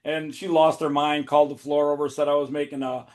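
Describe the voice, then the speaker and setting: A man with a slightly high-pitched voice hosting a casual podcast. He tells his stories in an animated way and laughs often. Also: fairly quick. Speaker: podcast host. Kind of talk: casual storytelling chat.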